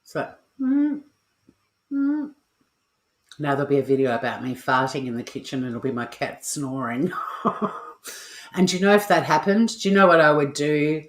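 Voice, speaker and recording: A chatty Australian woman with a low voice talks loosely to her viewers in a kitchen livestream, swearing casually and joking along. The sound is roomy, with echo off the kitchen walls through a modest home mic. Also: fairly quick. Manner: chatty, swears freely, playful asides to viewers. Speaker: cooking livestream host.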